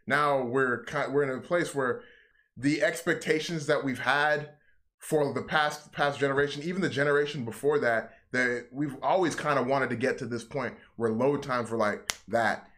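A man's voice: medium pitch, moderate pace, fairly bright tone. A man co-hosting a casual gaming podcast, rambling and repeating himself as he gives friendly advice. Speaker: podcast co-host. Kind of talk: casual chat.

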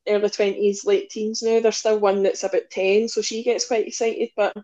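A woman's voice: medium pitch, flat delivery, normal speed, warm tone, muffled recording. A woman football fan chatting casually as a podcast guest, easygoing and laughing along. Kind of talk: casual chat.

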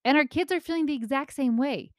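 A woman in her thirties giving casual parenting advice, lively and acting out the remarks she quotes. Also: high-pitched, quick pace, no echo, studio quality. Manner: animated, acts out quoted remarks, often asks "right?".

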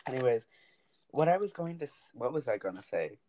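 A man's voice: medium pitch, very animated, brisk, mellow, a little hiss or hum. A young man co-hosting a podcast, telling rambling stories in a casual chat and laughing often, recorded over a call. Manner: rambling, giggly storytelling. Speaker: podcast co-host.

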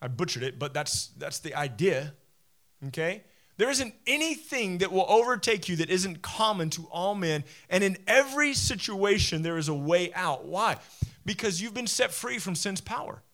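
A man in his forties preaching a sermon as a pastor, animated and conversational, often self-deprecating. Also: high voice, normal speed.

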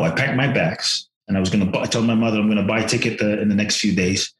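A man telling a personal story in conversation, animated and acting out his own thoughts. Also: lowish voice, fast talker, hardly any pauses, echoey room, low-quality recording. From from outside the US. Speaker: podcast guest, personal development teacher.

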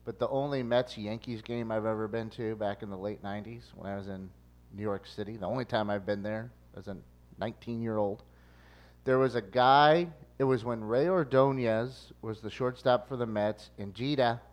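Animated storytelling man in his forties. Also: normal speed. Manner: animated storyteller, jumps high for quoted shouts. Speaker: podcast host. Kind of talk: casual chat.

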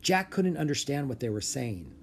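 Expressive man reading a children's book. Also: mid-range voice, moderate pace, creaky, slight background noise. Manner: expressive, story-telling delivery. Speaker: audiobook narrator. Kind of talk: children's book read aloud.

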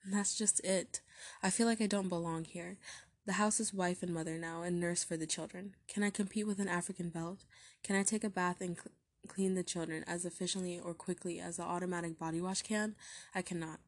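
A woman reading the part of an anxious young wife and mother in a story, speaking softly and pleading. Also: lowish voice, steady tone, a little fast. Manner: soft, tearful and pleading.

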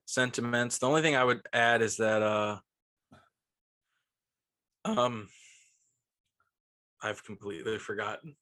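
Bright-voiced laid-back podcast guy. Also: medium pitch, unhurried, pauses often. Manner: laid-back, says dude a lot. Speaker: podcast co-host. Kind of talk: casual movie review chat.

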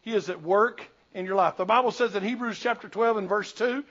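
High-voiced older preacher, folksy and urgent. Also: male voice, fast, hardly any pauses, highs cut off. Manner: folksy storytelling, swings from loud urging to soft confiding. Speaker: pastor. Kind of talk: sermon.

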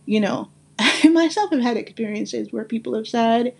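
A woman's voice: a little high, moderate pace, creaky, slightly rough. A woman host from Brooklyn with a mixed Guyanese and New York accent, talking straight to her listeners in a casual monologue, emphatic and repeating phrases for stress. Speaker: podcast host.

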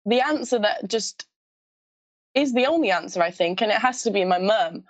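Young woman with a mild Scottish lilt, pageant guest, bubbly and gushing, average pitch, dry close sound. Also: animated, normal speed, no echo. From Scottish roots, moved to the UK at sixteen. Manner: bubbly, gushing, laughs often. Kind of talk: casual interview chat. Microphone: video call.

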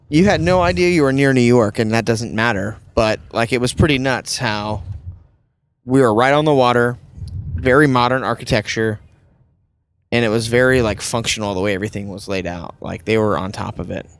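A man hosts a relaxed podcast, chatting about his work as a wedding photographer. He spins anecdotes freely and slips into voices for the people in his stories, at an ordinary middle pitch. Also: normal speed, clean tone. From Southern United States. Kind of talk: casual chat.

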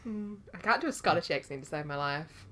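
A woman's voice: sits low, expressive, brisk, a bit bright, a little hiss or hum. A woman co-hosting a casual podcast chat, teasing and laughing often while she talks. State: recovering from illness. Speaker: podcast co-host.

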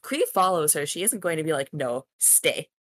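A woman's voice: lowish voice, sing-song, fast, a bit bright, no echo. A woman playing in a tabletop game, describing her character's actions hesitantly with many fillers. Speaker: player.

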